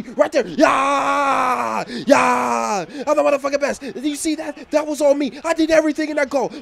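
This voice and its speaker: A man doing a shrill boasting footballer. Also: vocal fry. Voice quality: shrill, yelling. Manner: boastful, demanding, cursing. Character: vain shouting star footballer, male, boastful.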